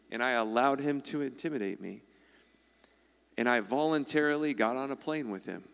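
A man, teaching a live audience, animated and full of rhetorical questions, constantly checking in with "all right?" and "okay?". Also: mid-range voice, clear, resonant tone. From United States. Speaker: speaker addressing a live audience. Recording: long hall reverb.

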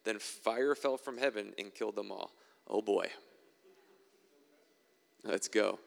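A man's voice: lowish voice, takes it slowly, vocal fry, long reverb tail. A man preaching a sermon and reading scripture aloud, conversational with wry asides.

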